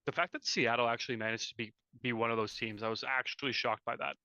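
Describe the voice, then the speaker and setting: A man's voice: medium pitch, steady tone, fast talker, bright, forceful tone, no room sound, muffled recording. A man co-hosting a live hockey stream, chatting casually with a rambling, filler-heavy manner. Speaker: podcast co-host.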